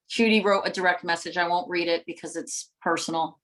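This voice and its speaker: A middle-aged woman, a motivational speaker and coach, gives a live talk to viewers in a fairly low voice at a slightly fast pace. She's passionate and preacher-like, hammering points home through emphatic repetition, though the audio is poor.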